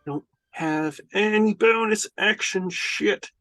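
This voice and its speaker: Woman tabletop player, unhurried, swears casually, dry close recording. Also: mid-range voice, fairly bright tone, no room sound, faint music behind. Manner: swears and laughs while checking rules. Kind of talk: casual tabletop game play.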